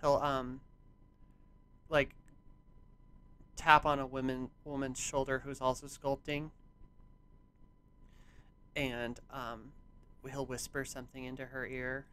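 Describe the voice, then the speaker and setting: A man's voice: medium pitch, little pitch movement, slow pace, long pauses, pushed and bright, smooth. A man running a tabletop game as game master, narrating and ruling with many hesitant fillers.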